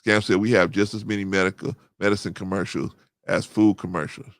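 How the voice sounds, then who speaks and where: Gravelly low-voiced middle-aged man. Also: a little fast, dry recording, studio quality. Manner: animated, rising to excited high pitch when agreeing. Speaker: host. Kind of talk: casual livestream talk reading chat.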